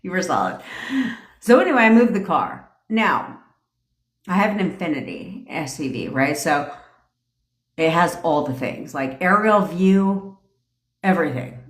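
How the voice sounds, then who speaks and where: A woman in her forties, with a lowish voice, rants through a story for her livestream. She swears freely, talks bluntly and laughs often. Her voice carries a roomy echo. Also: big pitch swings, unhurried, long pauses. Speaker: manifestation coach. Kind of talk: casual storytelling rant on a livestream.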